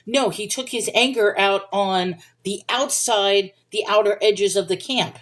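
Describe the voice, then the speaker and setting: A woman talks through viewers' questions on a livestream at an everyday mid pitch. She chats casually about the Bible, drifting into digressions and apologizing for rambling. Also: measured pace, few pauses.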